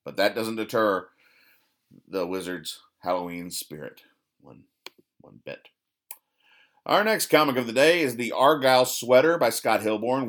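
A man with a lowish voice talks through newspaper comics in a dry, deadpan way. He rambles and trips over his words, fixing himself mid-sentence. His explanations of each gag come out flat and sarcastic. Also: unhurried, pauses often. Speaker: podcast host. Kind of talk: deadpan comic-strip recap.

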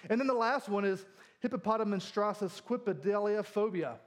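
High-voiced joking male preacher. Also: a little fast. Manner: jokey, self-deprecating, laughs often. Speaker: pastor. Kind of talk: humorous sermon.

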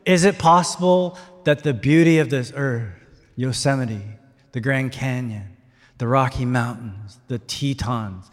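A male pastor giving an interactive sermon, leading his congregation in call-and-response and rising to excited shouts. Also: medium pitch, measured pace. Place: church hall. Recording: long hall reverb.

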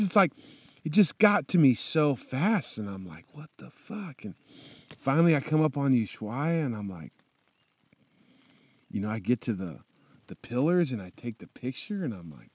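A man's voice: mid-range voice, very animated, normal speed, darkish tone, dry recording. A young man casually telling a motorcycle trip story, laid-back and swearing constantly, with lots of fillers.

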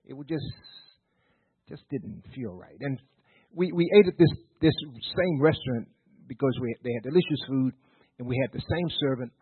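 Husky middle-aged preacher man, tinny sound. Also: mid-range voice, expressive, normal speed, no echo. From Virginia. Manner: folksy storytelling with repeated stammered restarts; rising, rhythmic preaching repetition. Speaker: pastor. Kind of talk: sermon. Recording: dry, tinny phone-like sound.

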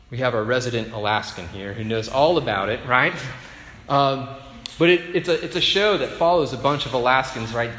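A man delivers a sermon with a chatty, conversational touch, tossing quick "right?" questions to his listeners. His voice sits at an ordinary middle pitch. It rings out through a roomy hall with a long, trailing reverb. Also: fairly bright tone. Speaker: pastor.

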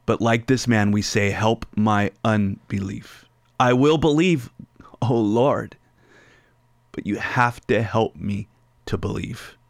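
A man's voice: lowish voice, dry recording. A man preaching a sermon, reading scripture aloud and explaining it line by line. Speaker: pastor.

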